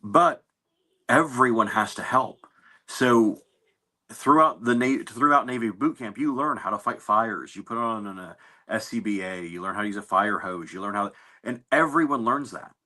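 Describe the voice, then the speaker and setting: Bright-voiced navy veteran man, low-pitched. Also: moderate pace. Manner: relaxed, anecdotal, with frequent fillers and restarts. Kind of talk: casual interview storytelling.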